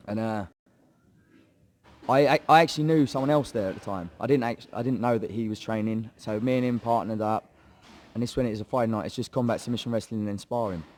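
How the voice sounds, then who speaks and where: A man's voice: mid-range voice, darkish tone. Chatty English man telling a story. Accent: English, Hertfordshire. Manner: chatty, swearing, laddish banter, acts out quoted voices. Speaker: guest, MMA fighter. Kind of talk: casual storytelling interview.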